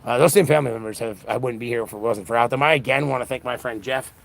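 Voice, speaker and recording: A man around forty livestreaming from an outdoor punk festival, talking fast and in a scattered way with many restarts, exhausted. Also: mid-range voice, vocal fry. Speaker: independent political livestreamer. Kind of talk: rambling casual monologue.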